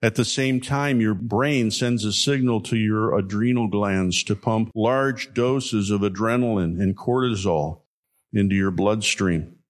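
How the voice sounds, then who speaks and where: A man with a fairly low voice preaching a sermon. He talks with emphasis, pauses on his points and repeats key lines so they sink in. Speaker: pastor.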